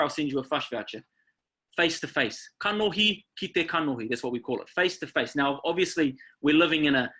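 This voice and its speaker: A man with a New Zealand accent leads an online workshop, coaching his listeners and checking in with them as he goes. His voice is bright and a little high. He sounds like he is on a video call. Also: slightly rough. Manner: upbeat, coaching, often checking in with "okay?". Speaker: workshop presenter.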